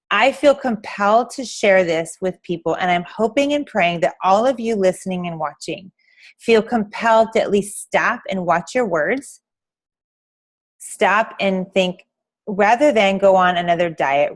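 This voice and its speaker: Chatty woman teaching a class. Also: mid-range voice. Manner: chatty, addresses listeners as guys, acts out quoted reactions. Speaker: class instructor. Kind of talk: lively class talk on health and faith.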